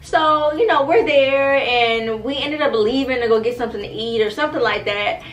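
A young woman, telling a story to her viewers in an animated, profane, casual way. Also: a little high, moderate pace, reverberant, rough recording. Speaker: storytime vlogger.

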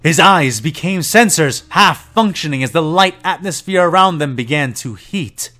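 A man's voice: fairly high pitch, expressive, normal speed, pushed and bright, soft background music. Man narrating a fan story. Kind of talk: audiobook-style story reading.

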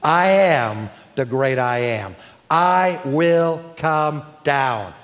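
A man speaking as God with slow, grave, reassuring promises. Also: on the high side, expressive, a bit bright, full character voice. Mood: solemn. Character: God, solemn and reassuring deliverer. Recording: long hall reverb.

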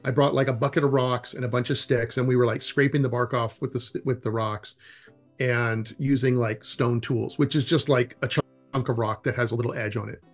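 Over soft background music, a man who runs a wilderness education program talks as an interview guest at a fairly quick pace in a mid-range voice. His outdoor-education stories ramble and restart often, and he animatedly performs the dialogue within them.

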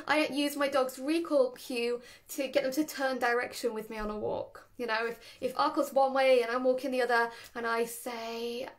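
A woman, a dog trainer, explaining dog training in a chatty, animated way and laughing between points. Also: a little high, moderate pace, few pauses. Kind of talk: casual instructional talk.

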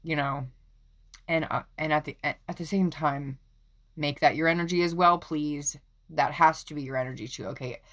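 A woman's voice: deep voice, steady tone, moderate pace, fairly bright tone. A woman doing a casual tarot reading, talking bluntly, swearing freely and repeating phrases for emphasis. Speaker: tarot reader.

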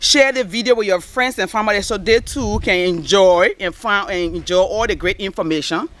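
A woman's voice: medium pitch, moderate pace, a bit bright. A woman giving an upbeat, emphatic channel introduction to camera. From Liberia. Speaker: vlog host.

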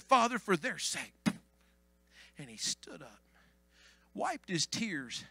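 A man preaching a Pentecostal sermon as pastor, swinging from hushed asides to shouted climaxes. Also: sits high, sing-song, takes it slowly, vocal fry, long pauses, breathy edge, no echo.

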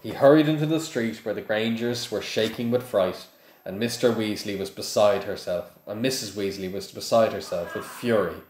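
A man with a low voice reads a novel aloud in a plain, steady way. He now and then trips over a word and restarts. The room adds a noticeable echo. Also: moderate pace, slight background noise. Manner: plain, steady reading with small slips. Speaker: reader of a book to listeners. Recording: echoey room.

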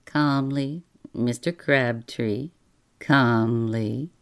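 A woman voicing a cold, deliberate male employer on the telephone with a clear, thin voice who savors each syllable. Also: rumbling low, dark tone, exaggerated voice.

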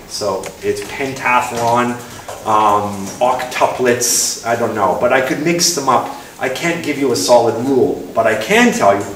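Playful man lecturing in an echoey hall. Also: mid-range voice. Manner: playful and self-mocking, acts out little dialogues. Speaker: guest speaker at a talk event. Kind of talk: casual public talk on word origins. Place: lecture room with an audience. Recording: very echoey room, distant mic, faint hiss.

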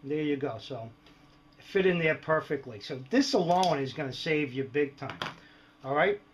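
A man's voice: a little high, lively intonation, normal speed, slight background noise. A middle-aged man giving a casual, jokey show-and-tell of his gear mods, rambling and often checking in with the viewers. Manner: jokey, rambling, lots of "all right" and "right?". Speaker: prepper vlogger showing gear mods. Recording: dull lo-fi home video sound.

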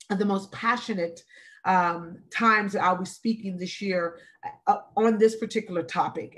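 A woman in her forties speaks over a live stream as a wellness speaker. Her voice sits at a middle pitch, and she talks slowly and deliberately, stressing and repeating her phrases for weight. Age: 40s. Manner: slow, emphatic, repeats phrases. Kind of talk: earnest, deliberate talk. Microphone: video call or live stream.

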